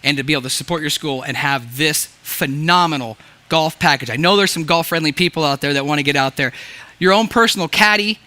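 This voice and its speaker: A man's voice: fairly high pitch, brisk, pushed and bright. A man working as an auctioneer, calling bids in a rhythmic chant with playful banter between lots.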